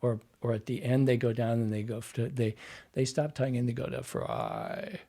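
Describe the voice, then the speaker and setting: Man, dialect coach type, dark husky tone, explanatory, demonstrates voices mid-sentence. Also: medium pitch, steady tone. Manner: explanatory, breaks into quick vocal demonstrations. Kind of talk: podcast guest interview.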